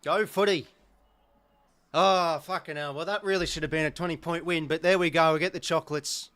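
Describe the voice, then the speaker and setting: An Australian man hosting a live football watch-along, talking as an excitable, sweary fan who reacts to each play. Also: a little high, fast talker, clear, resonant tone, no room sound. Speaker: host.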